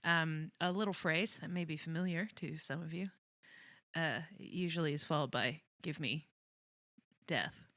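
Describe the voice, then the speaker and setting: A woman's voice: sits low, no echo, studio quality. A woman co-hosting a podcast, chatting casually and jokily about a TV episode. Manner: animated, giggly, quick to joke. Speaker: podcast co-host. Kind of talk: casual chat recapping a TV episode.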